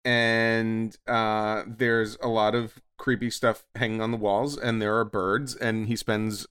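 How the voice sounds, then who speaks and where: A man co-hosts a music podcast, describing things slowly with plenty of ums. His voice is smooth and clear. The sound is dry and close. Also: on the low side, little pitch movement, fairly bright tone, no room sound. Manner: slow and rambling with fillers. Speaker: podcast co-host. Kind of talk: casual chat.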